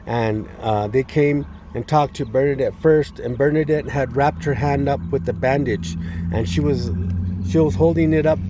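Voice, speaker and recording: A man at an ordinary middle pitch tells his story in a halting, distressed way, stumbling over and repeating his words. A faint background hiss sits under his voice. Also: dark tone. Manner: earnest and distressed. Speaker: person giving testimony. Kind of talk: personal testimony, spoken retelling.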